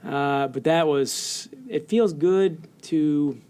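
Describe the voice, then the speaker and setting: A middle-aged American man telling stories as a guest in an interview, animated and laughing often while he acts out quotes. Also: on the high side, drawn-out words, clean tone. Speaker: author guest. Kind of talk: storytelling interview.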